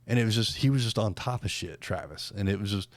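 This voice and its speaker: Rambling low-voiced podcast host man. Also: animated, fast talker, no echo. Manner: rambling, many restarts and fillers. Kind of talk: casual podcast chat.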